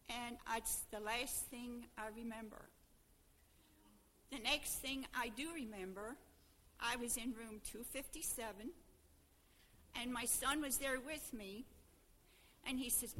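Addressing her congregation at a church service, an older woman with a Pennsylvania Dutch accent gives a testimony built around a homely story. She talks slowly with frequent pauses, in a fairly high, steady, sharp-toned voice, and there's a little hiss or hum.

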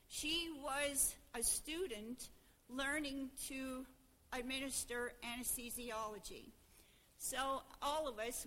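An older woman with a Pennsylvania Dutch accent stands before her church congregation during a service to share a personal testimony, telling a homely story. Her voice is high and sharp, and the recording has a slight hiss or hum.

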